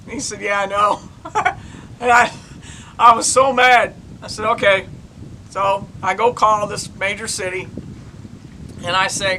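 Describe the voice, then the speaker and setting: Bright, high-voiced older retired cop. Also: male voice, a little hiss or hum, poor audio. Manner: chatty, rambling, retells dialogue with "I said, he said". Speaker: retired police detective. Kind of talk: casual true-crime storytelling.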